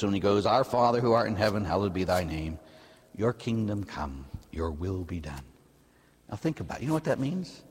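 Male priest, lower voice, very animated intonation, conversational sermon, long church reverb. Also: breathy edge. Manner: lively preaching with rhetorical questions. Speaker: Catholic priest.

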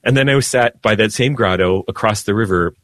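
Priest guy, kinda low voice, earnest and emotional, dry studio sound. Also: brisk, fairly bright tone, dry recording. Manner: earnest, emotional storyteller with restarts and laughs. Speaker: Catholic priest. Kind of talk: prayer and radio conversation.

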